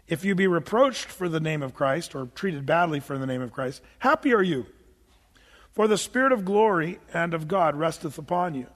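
A man's voice: fairly high pitch, animated, normal speed, a bit bright, big-room sound. A middle-aged male pastor preaching a sermon in a church, reading scripture aloud and talking to his congregation in a conversational, joking way. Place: church sanctuary.

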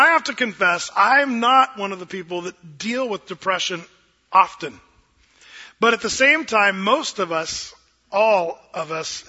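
A man preaching a sermon as a pastor, telling a folksy story with gentle self-deprecating humor. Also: sits high. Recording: dull lo-fi sound with long hall reverb.

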